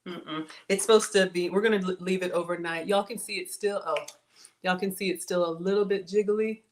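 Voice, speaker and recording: A middle-aged woman, hosting a casual cooking livestream, chatty and excitable, talking straight to her viewers. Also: on the low side, a little fast. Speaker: home cook livestream host.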